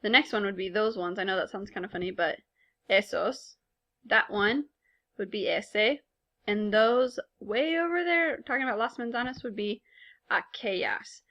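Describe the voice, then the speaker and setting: A woman's voice: mid-range voice, moderate pace, sharp tone. A woman teaching a recorded language lesson in a patient, explanatory way, speaking with casual fillers. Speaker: Spanish teacher.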